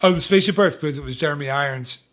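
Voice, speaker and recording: A man's voice: on the high side, racing, fairly bright tone. A man hosting a podcast in casual chat, rambling and teasing, with many restarts. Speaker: podcast host.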